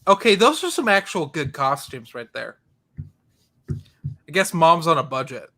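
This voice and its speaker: A man keeps a casual online movie watchalong going with a bright, forceful voice. He sits a touch high in pitch, jumps in with excited reactions and laughs easily among friends. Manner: excitable, quick to laugh, counts down playback. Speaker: watchalong host. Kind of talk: casual group chat over a movie.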